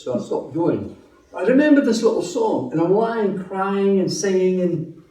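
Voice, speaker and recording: A man's voice: fairly high pitch, warm tone, far from the mic. Scottish man telling his story in an echoey room. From Scotland. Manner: chatty, humorous storytelling. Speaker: testimony speaker. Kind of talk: personal testimony at a meeting.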